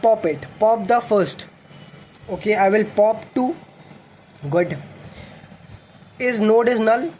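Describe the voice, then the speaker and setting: A man's voice: sits high, slow, pauses often, a little mellow. A young man teaches a coding lesson, thinking aloud and correcting himself as he writes code. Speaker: coding tutor. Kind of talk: explaining code while writing. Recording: faint background noise.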